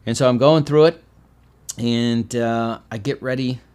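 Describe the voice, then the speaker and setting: A veteran man telling his own life story in a conversational way, with dry, deadpan humor, sometimes loud and animated, sometimes quiet and heavy. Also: mid-range voice, a little slow, clean tone. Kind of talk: personal spoken testimony.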